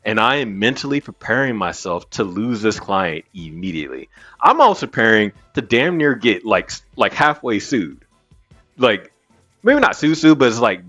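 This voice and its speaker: A man hosting a podcast, telling a story in an animated, casual way and swearing freely. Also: fairly low pitch, normal speed. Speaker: podcast host. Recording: muffled with faint music.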